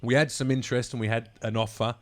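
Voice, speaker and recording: A man guesting on a podcast, rattling through his stories at a quick clip with plenty of swearing. His pitch sits in an ordinary middle range, and he talks in a lively, animated way. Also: crowd noise. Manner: swears freely, animated storytelling. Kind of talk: casual podcast chat.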